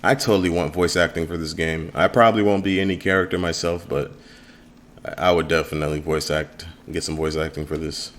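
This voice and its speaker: A man casually narrating a let's play of his own game demo, relaxed and rambling with fillers. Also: sits low, fairly quick.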